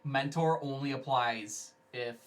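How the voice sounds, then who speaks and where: A man's voice: mid-range voice, takes it slowly, distant mic, a little hiss or hum. A man on a live stream chatting casually and matter-of-factly about the camera setup and his card plays. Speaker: stream co-host and card player. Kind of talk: casual gaming chat.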